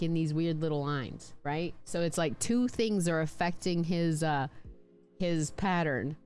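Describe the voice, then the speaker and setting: A chatty woman talking casually on a live stream, her voice sitting on the low side. She rambles with playful restarts. Soft music plays faintly in the background. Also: clean tone. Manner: chatty, playful, talks with lots of likes and restarts; puts on silly voices for her snake. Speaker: streamer showing her pet snakes.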